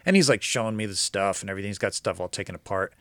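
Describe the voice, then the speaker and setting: A man's voice: on the low side, very fast, dry recording. Male podcast host, casual storyteller, dry close mic. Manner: animated, quotes others in dialogue, gets excited.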